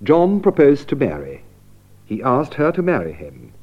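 A man narrating a scripted language lesson, clear and deliberate, restating ideas for emphasis. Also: mid-range voice, wildly swooping pitch, muffled recording. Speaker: narrator and presenter of an English lesson.

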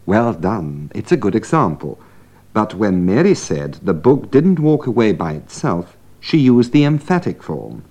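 A man's voice: on the low side, big pitch swings, unhurried, mellow, breathy edge. A man co-presenting a scripted radio English lesson in a teasing, teacherly way.

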